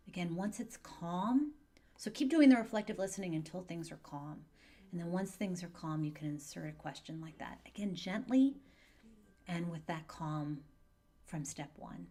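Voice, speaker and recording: A woman with a slightly low voice talks parents through a hard moment with their children. She keeps her delivery calm, gentle and measured, and she sounds reassuring as she speaks directly to viewers in an advice video. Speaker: divorce and parenting coach.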